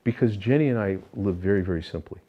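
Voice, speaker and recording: A man's voice: fairly low pitch, quick pace, muffled recording. An older man being interviewed, recounting personal spiritual experiences in an earnest, reflective way, with many fillers and restarts. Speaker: interview guest.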